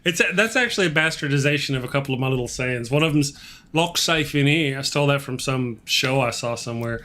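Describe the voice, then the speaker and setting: A man's voice: medium pitch, fast talker, sharp tone. A man co-hosting a casual livestream chat, talkative and jokey and insistent on his point. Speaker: co-host.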